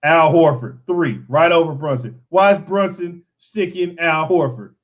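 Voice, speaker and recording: Fan show host, man, slightly high voice, exasperated joking delivery, dull lo-fi recording. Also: a little slow. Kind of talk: casual sports chat with highlight commentary.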